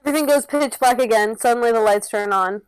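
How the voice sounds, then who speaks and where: A woman's voice: fairly high pitch, quick pace, smooth, no room sound, rough recording. A woman reading out stage directions for a comedy podcast script reading on a close mic. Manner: reads stage directions with giggles. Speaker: narrator.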